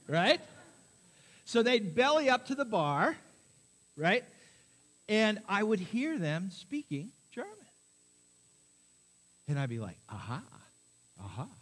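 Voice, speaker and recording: Male pastor, sermon, slightly high voice, lively, asks the congregation questions. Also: slow pace, pauses often. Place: church.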